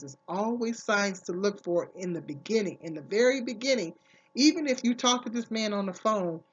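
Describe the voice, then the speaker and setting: A woman's voice: medium pitch, muffled recording. A woman vlogger talking casually to camera, giving earnest, emphatic advice and repeating her key phrases.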